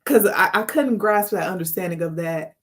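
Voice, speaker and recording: Indoors and speaking to the camera, a woman life coach hosts a heartfelt spiritual talk, earnest and emotional, often repeating her words. Her voice is on the low side at a normal speed.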